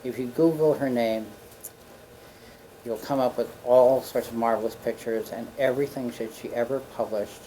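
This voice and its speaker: A man guest on a community talk show, telling anecdotes in a playful, animated way. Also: medium pitch, a little hiss or hum, low-quality recording. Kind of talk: storytelling on a local talk show. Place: community studio.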